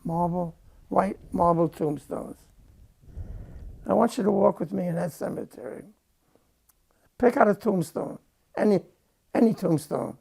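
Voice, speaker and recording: An older man giving a halting, emotional personal war testimony, repeating phrases as he recounts. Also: high-pitched, gravelly, mellow, slightly rough.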